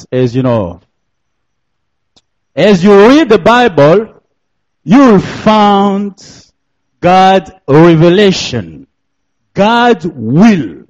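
A young man with a French accent preaches in an unhurried, deliberate way, repeating his phrases and breaking into laughter between them. His voice sits a little higher than most men's. The recording is dull and lo-fi. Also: a little mellow. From DR Congo. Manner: slow, repetitive, laughing often. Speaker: guest preacher. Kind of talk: sermon.

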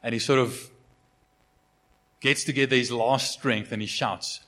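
A man's voice: mid-range voice, fairly even intonation, a little slow, sharp tone. Chatty preacher, man. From South Africa. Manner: conversational, many fillers and repeated starts. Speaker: pastor. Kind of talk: sermon.

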